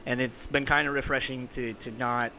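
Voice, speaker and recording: Bright-voiced male interviewer. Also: medium pitch, moderate pace, creaky, slight background noise. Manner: relaxed, lots of "like" and "you know". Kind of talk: casual interview chat.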